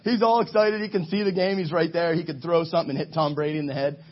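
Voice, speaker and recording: Husky-voiced man preaching casually. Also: on the high side, fast, muffled recording. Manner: joking, chatty storyteller. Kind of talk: casual sermon to a live group.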